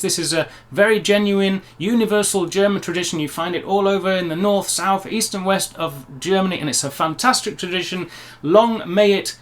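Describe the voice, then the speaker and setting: A man's voice: sits high, a bit bright. A man from England, vlogging in a chatty, upbeat way with playful asides. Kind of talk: casual talk to camera.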